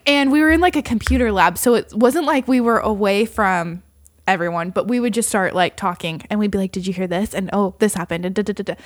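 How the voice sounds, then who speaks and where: A woman's voice: mid-range voice, fairly quick, no echo, studio quality. A young woman co-hosting a podcast, telling dating stories in casual chat and acting out both sides of the dialogue. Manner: animated, acts out dialogue with lots of "like". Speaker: podcast co-host.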